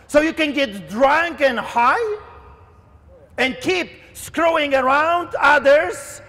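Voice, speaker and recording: A man preaching a fervent open-air sermon, his voice strained very high as he calls out each word slowly and deliberately. He often rises into shouts. A long echo trails behind him in the outdoor space. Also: lively intonation. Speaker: street pastor. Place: outdoors in the wind.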